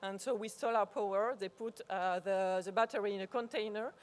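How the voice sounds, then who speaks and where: French woman presenting at a workshop, halting, keeps restarting and hunting for words, mid pitch. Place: conference workshop room.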